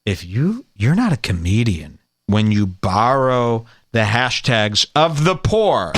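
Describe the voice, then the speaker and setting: A man's voice: mid-range voice, sing-song, slow pace. A man hosting a comedy podcast, ranting in a sarcastic, profane, mock-outraged way. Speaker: podcast host.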